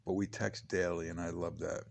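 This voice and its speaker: A man in his late fifties reads his memoir in a very low, gravelly voice. He rambles from one aside to the next with a dry, joking tone, as if chatting at home. His delivery is loose and conversational rather than polished. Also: level tone, normal speed. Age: 50s. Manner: chatty, digressive, wry asides. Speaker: author reading his memoir.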